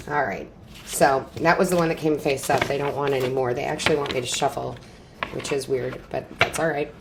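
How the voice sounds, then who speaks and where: A low-pitched woman reads tarot cards for her viewers in a relaxed, chatty way. She reassures them and keeps checking in with "okay?" and "right?". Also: slight background noise. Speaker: tarot reader. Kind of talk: casual tarot reading to camera.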